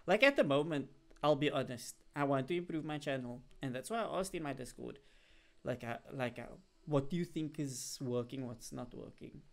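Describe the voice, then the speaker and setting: Chatting to a live audience, this young adult streamer rambles along with plenty of filler words and gets animated when saying hello to viewers. Their mid-range voice carries vocal fry and moves at a normal speed.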